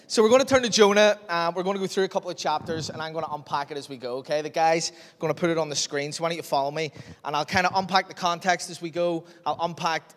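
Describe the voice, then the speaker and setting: A man, preaching a sermon as an animated storyteller who acts out the dialogue. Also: a little high, fast. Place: church hall. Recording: long hall reverb.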